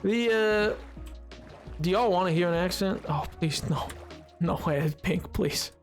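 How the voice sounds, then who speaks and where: A man's voice: high voice, slow pace, soft background music. A man streaming a game live, chatting casually with his viewers in a rambling way and laughing often.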